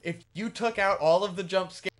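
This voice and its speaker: A man's voice: high voice, moderate pace. A man co-hosting a casual gameplay chat, rambling and self-deprecating, swearing and trailing off mid-thought. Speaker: co-host. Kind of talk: casual chat during a game playthrough.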